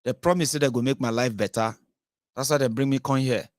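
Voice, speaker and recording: A man's voice: medium pitch, fairly even intonation, brisk, dry recording, clean studio sound, lightly acted. A man voicing a frightened young man who begs in Nigerian Pidgin. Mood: pleading. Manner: begging, desperate.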